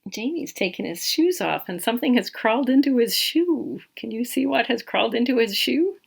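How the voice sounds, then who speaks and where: A woman reading a picture book aloud to small children in an animated, interactive way. She asks questions, points out details and counts along with them. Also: a little high, normal speed, vocal fry, slightly rough. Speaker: storytime reader.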